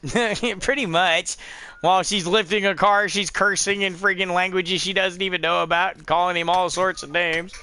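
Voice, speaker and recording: Bright, high-voiced man telling stories. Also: fairly even intonation, normal speed, clear, resonant tone. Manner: rambling storyteller, swearing, acting out quoted voices. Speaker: game streamer. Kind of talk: casual chat on a live stream.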